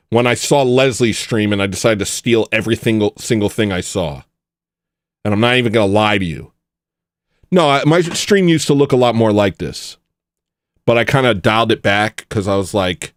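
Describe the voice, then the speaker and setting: A man's voice: fairly low pitch, no echo, clean studio sound. A man hosting a casual livestream, rambling and joking as he answers his chat. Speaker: livestream host. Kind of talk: casual livestream chat, reading viewer messages.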